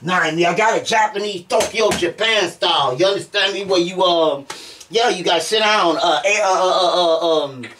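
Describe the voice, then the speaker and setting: A man giving excited commentary over a fighting game he is playing. He often breaks into shouts and keeps asking his viewers whether they understand him. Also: high voice, moderate pace, a little hiss or hum. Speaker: gameplay streamer. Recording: voice distant from the mic.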